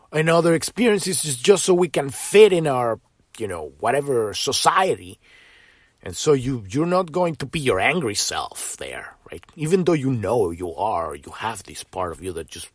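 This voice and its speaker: A man's voice: a little high, dry recording, clean studio sound. A man hosting a casual spiritual podcast, rambling with many restarts, tagging sentences with "right?" and swearing freely. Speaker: podcast host.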